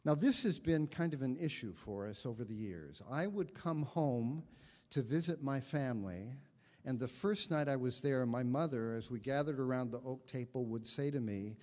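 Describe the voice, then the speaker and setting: A man preaching as a guest minister, telling a story with gentle humor. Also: mid-range voice, expressive, moderate pace, big-room sound. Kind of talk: sermon. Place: congregation sanctuary.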